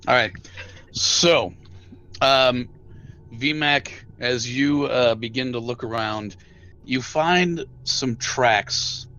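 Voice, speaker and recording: A man narrating a tabletop role-playing game as game master, slow and halting, with many filler words. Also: medium pitch, pushed and bright, muffled recording.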